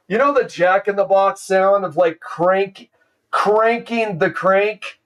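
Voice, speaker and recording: Reacting to a movie on stream, a high-voiced man chats excitedly and says "dude" in nearly every sentence. He sits a bit back from the mic, so he sounds slightly distant, and there's slight background noise. It's casual movie reaction commentary.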